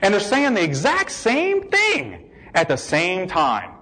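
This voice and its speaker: Excitable husky man telling his story. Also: high-pitched, slow, low-quality recording. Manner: excitable storyteller, acts out quotes, laughs often. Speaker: convert giving a testimony. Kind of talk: animated personal testimony.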